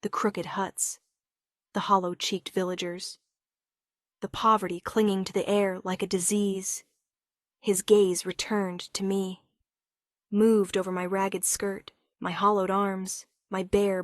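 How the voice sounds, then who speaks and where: A woman narrating a first-person romance story in an emotional, measured way. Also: medium pitch, flat delivery, dry recording, studio quality.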